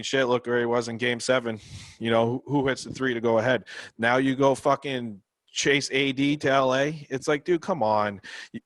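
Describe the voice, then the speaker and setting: A man's voice: medium pitch, dry recording. A man with a Boston accent co-hosting a sports podcast, ranting bluntly with heavy swearing. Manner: blunt, heavily profane, grumbling rant. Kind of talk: casual sports rant.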